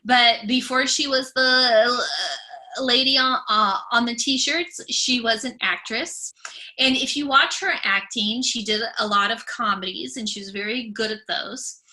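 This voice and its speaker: Young woman teaching, kinda high voice, stutters on first sounds, calm lecture. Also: measured pace. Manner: stutters with part-word repetitions. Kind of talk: recorded classroom lecture.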